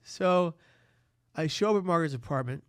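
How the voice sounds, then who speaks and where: A man from the United States tells a story as a podcast guest, lively and quick with asides. His voice sits fairly high, and he slips into the voices of people in the tale. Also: no room sound, clean studio sound. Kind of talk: animated storytelling in conversation.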